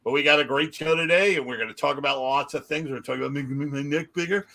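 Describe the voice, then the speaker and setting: A man's voice: a little high, fast, gravelly, sharp tone. A man hosting a casual podcast, upbeat, plugging the show and introducing guests. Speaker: podcast host.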